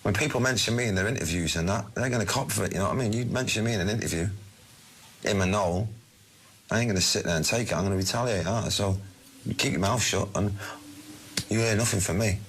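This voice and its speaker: A man's voice: lowish voice, fast talker, a little hiss or hum. A man in his forties with a Mancunian accent, guest in a casual interview, talking bluntly with plenty of swearing. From Manchester, England. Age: 40s. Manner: blunt, swearing, laddish storytelling. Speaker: musician guest.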